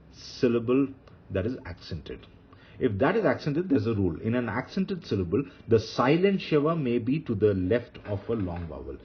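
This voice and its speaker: A male teacher lectures with a low voice that rises and falls a great deal as he explains. He repeats each rule for emphasis and checks in with rhetorical questions. The recording sounds dull and lo-fi. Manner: patient, repeats key rules, asks rhetorical questions. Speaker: Hebrew grammar teacher.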